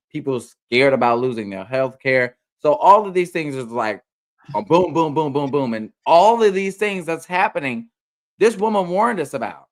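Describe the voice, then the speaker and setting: A man co-hosting a casual political podcast, blunt and profane, moving between subdued talk and loud exasperation. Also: fairly low pitch. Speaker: podcast co-host.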